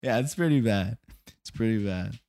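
A young man co-hosting a podcast in casual chat, telling stories in an animated way and acting out what others said. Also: moderate pace, dry recording. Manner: animated storytelling, acts out quotes with big pitch jumps. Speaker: podcast co-host asking questions.

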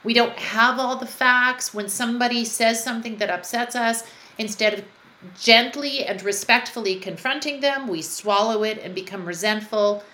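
A woman's voice: fairly high pitch, normal speed, bright, forceful tone. A woman speaking as a guest in an interview, telling personal stories in an earnest, reflective way. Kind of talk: conversational interview. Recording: roomy echo, faint background noise.

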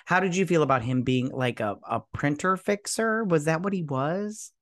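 A man's voice: on the high side, normal speed, a bit bright. A man co-hosting a casual movie chat, rambling and laughing as he acts out quotes. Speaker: podcast co-host.

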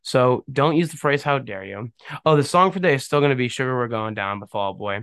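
A man's voice: mid-range voice, fast talker, a bit bright, clear, resonant tone, no room sound. A man hosting a casual solo podcast, talking bluntly and ramblingly with a scoffing edge and many fillers. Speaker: podcast host.

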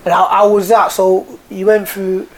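A man interviewing a guest, prompting with halting, restarting questions. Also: sits high, flat delivery. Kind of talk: casual interview.

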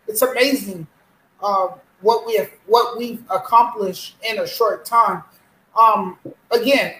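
A man's voice: sits high, pushed and bright, a little hiss or hum. A man co-hosting a casual sports talk show, earnest and emotional, often repeating himself. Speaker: co-host. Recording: roomy echo.

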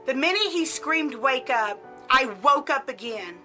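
A woman's voice: high-pitched, lively intonation, measured pace, sharp tone, faint music behind, poor audio. A middle-aged woman casually telling a personal story, chatty and full of filler words. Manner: chatty, peppered with "like".

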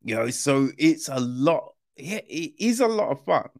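A man's voice: mid-range voice, vocal fry. A man hosting a film podcast, reviewing a movie in loose, slangy casual chat, acting out quoted lines and leaning on fillers. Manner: animated, slangy, acts out quoted lines in other voices; drawn-out, loose delivery with many fillers.

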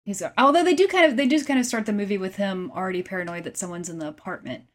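A woman's voice: mid-range voice, rapid-fire. A woman co-hosting a podcast, chatting casually about a film, often agreeing, laughing, and searching for words. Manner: agreeable, giggly, hesitant. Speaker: podcast co-host. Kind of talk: casual movie review chat.

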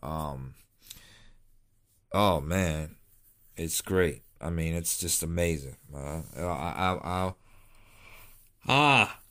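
Very deep-voiced laid-back rambling man. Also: slow pace, long pauses. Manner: rambling, many restarts and fillers, laid-back. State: tired, yawning late at night. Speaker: cigar vlogger. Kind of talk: casual rambling monologue.

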